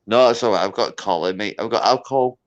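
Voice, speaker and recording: Guesting on a livestream, a Scotsman who's had a few hiccups his way through loud, rambling drunken banter. His pitch is fairly low and he talks fast, in dull lo-fi audio.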